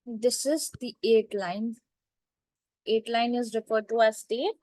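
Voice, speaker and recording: A woman teaching literature terms, repeating each point slowly and checking with "right?" and "clear?". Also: on the high side, steady tone, darkish tone, dry recording, rough recording. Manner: slow, repetitive, checks understanding with "right?" and "clear?". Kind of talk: classroom lecture.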